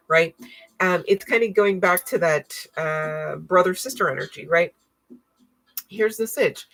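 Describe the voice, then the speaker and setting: A woman's voice: sits low, a bit bright, rough recording. A woman giving a casual tarot reading, chatty and slangy, swearing freely and peppering her talk with fillers. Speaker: tarot reader.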